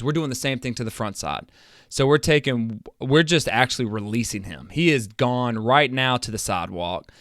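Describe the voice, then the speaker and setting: Energetic football coach, dry close sound. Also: male voice, mid-range voice, clear, resonant tone, no echo. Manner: energetic, emphatic, talks himself into near-yelling. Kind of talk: chalk-talk lesson on a live stream. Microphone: seated at a webcam.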